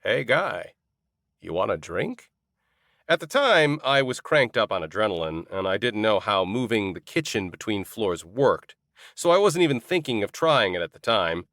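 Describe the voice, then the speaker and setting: A man's voice: lowish voice, big pitch swings, moderate pace, fairly bright tone, no room sound, studio quality. A man narrating a comic fantasy novel in the first person, wry and storytelling. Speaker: audiobook narrator.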